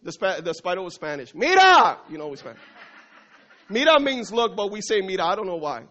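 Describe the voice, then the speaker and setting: A man's voice: sits high, expressive, quick pace, a bit bright. A male pastor preaching a sermon, emphatic and repetitive, calling out to the congregation. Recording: dull lo-fi recording.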